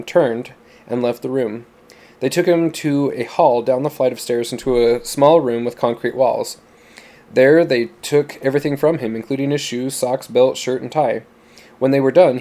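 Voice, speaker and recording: A man narrating a story in a steady, plain storytelling manner. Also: medium pitch. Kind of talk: audiobook narration.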